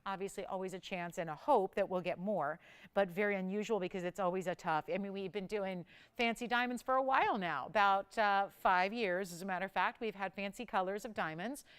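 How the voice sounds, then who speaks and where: A woman hosting a live shopping channel, pitching jewelry with chatty enthusiasm and talking to callers and crew between descriptions. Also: brisk, fairly bright tone, smooth. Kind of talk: live on-air sales pitch.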